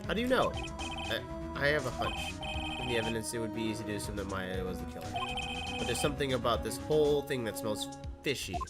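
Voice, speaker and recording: A man's voice: on the low side, fast. A man doing a casual, jokey fan voice-over of a courtroom game, reading the lawyer and narration in his own voice over game music. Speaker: let's-play voice actor.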